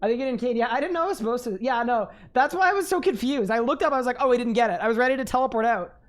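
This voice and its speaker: A young woman giving live gaming commentary on a stream, talking to chat, excitable and quick to laugh. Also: fairly high pitch.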